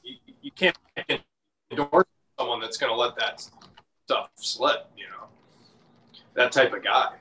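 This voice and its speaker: Bright, animated man chatting. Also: mid-range voice, a little slow, pauses often, rough recording. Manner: chatty, hesitant, filler-laden. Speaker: podcast co-host. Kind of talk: casual chat.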